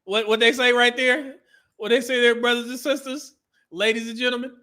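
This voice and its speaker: A man's voice: very high-pitched, flat delivery, brisk, bright, forceful tone. A man with a Californian accent hosting a live stream in casual, joking talk, often laughing and reading out viewer messages.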